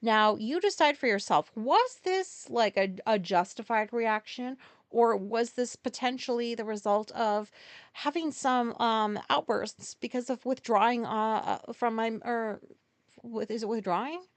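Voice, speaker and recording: A woman's voice: a little high, measured pace, no echo. A woman hosting a casual solo podcast, rambling through a story with profane, self-deprecating asides. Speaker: podcast host.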